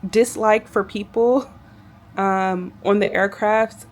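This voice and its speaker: A woman's voice: mid-range voice, fairly even intonation, slow pace, a little hiss or hum. A woman flight attendant telling a work story to her viewers in a chatty, exasperated vlog style.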